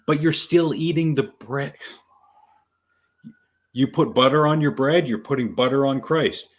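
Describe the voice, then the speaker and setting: A man co-hosting a casual podcast, reading out superstitions with deadpan, sarcastic asides. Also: mid-range voice, a little slow. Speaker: podcast co-host.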